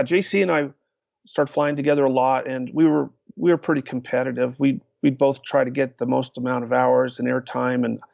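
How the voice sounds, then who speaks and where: An older man tells stories as a podcast guest, his voice gravelly and steady at a mid pitch. He acts out the quotes and fills gaps with uh. The recording sounds dry and dull. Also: no echo. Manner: lively storyteller, acts out quotes, many uh fillers. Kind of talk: storytelling in a podcast interview.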